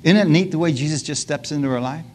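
A man with a slightly high voice preaches quickly to a congregation, with a little background noise behind him. He keeps calling out hallelujah and amen, laughs as he goes, and throws questions to his listeners in call-and-response asides. He also acts out scenes from scripture in lively voices.

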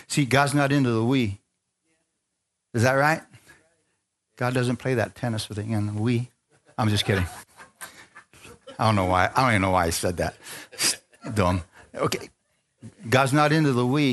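Man preaching with call-and-response energy. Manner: call-and-response preaching, asks the crowd for amens; swings from low, confiding asides to loud, rising exhortation. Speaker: pastor. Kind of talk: sermon.

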